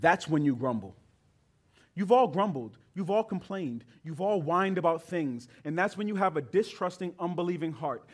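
A male pastor preaching a sermon with emphatic delivery that builds to loud, high peaks. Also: expressive, normal speed, husky.

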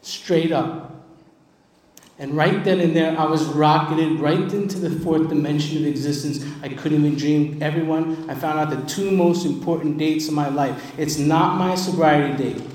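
A man's voice: a little high, steady tone, normal speed, a little mellow. A man giving an emphatic, conversational personal testimony at a recovery meeting, repeating words for emphasis. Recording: echoey hall, distant mic, faint ambience.

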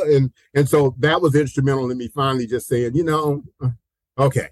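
A man's voice: medium pitch, normal speed, no echo, low-quality recording. A pastor of around sixty, a man, telling personal stories in an interview, acting out the voices he quotes, laughing often and repeating "you know". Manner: animated, acts out quoted voices, laughs often mid-story; repeats himself, peppers talk with "you know". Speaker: pastor and guest. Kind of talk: storytelling in a conversational interview.

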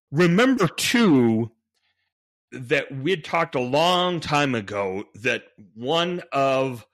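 Male podcast host with a middle-pitched voice, casually narrating, working his thoughts out aloud with restarts. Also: a bit bright. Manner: thinks aloud, frequent restarts and fillers.

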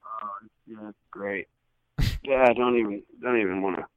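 A man's voice: lowish voice, fairly even intonation, moderate pace, no room sound. Rambling man on a lo-fi podcast. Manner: loose, rambling, heavy on fillers. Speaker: podcast guest. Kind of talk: casual chat.

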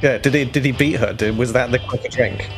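A man's voice: medium pitch, steady tone, a little fast, faint music behind. A man playing in a tabletop game podcast, easygoing and voicing his character's lines aloud. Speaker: player.

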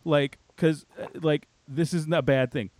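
A man co-hosting a casual chat, telling a story in an animated, filler-heavy way and quoting himself and others. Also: a little high, normal speed, no room sound.

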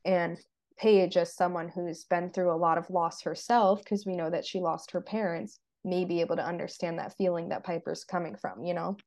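Low mellow-voiced woman podcast host. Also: fairly even intonation, normal speed. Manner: retells scenes in detail, many "like" fillers. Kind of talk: casual TV recap chat.

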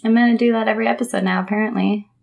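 A woman's voice: mid-range voice, vocal fry, darkish tone, a little hiss or hum. A woman co-hosting a podcast, chatting casually and rambling with fillers, laughing often. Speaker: podcast co-host. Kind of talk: casual chat.

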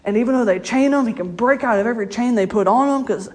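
A woman's voice: fairly high pitch, quick pace, darkish tone. A woman preaching a casual, story-filled sermon. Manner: conversational storytelling, laughs often. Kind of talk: informal sermon.

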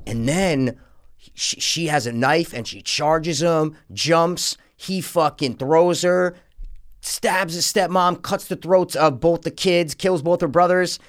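Man, podcast co-host, animated profane movie rant, acts out scenes. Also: on the high side, slow pace. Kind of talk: casual movie review chat.

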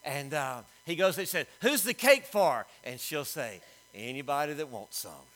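A middle-aged man preaching a sermon, swinging between loud emphatic lines and quiet storytelling. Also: fairly high pitch, animated, normal speed, rough recording. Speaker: pastor.

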